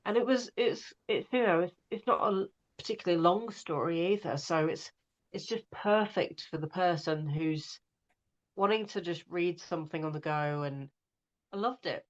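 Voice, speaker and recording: A woman's voice: on the low side, normal speed, muffled recording. A woman, an audiobook narrator, chatting in an interview and talking with many fillers and restarts. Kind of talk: casual interview chat.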